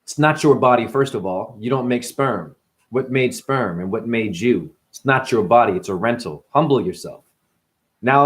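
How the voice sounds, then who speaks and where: A man hosting a casual spiritual monologue, animated and profane, full of rhetorical questions. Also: mid-range voice. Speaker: host.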